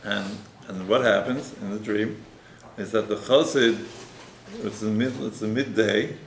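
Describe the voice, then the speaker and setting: A man's voice: fairly low pitch, fairly even intonation, unhurried. A man, a rabbi, preaching and telling a story in a conversational way, often ending points with a tag question. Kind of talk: sermon with storytelling. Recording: roomy echo, faint noise.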